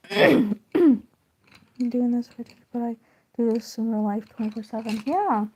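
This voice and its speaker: Woman chatting to her viewers while she colours, soft encouraging tone, voice sits a bit high. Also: lively intonation, measured pace, a little hiss or hum. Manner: gentle, encouraging, affirming. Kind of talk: casual chat.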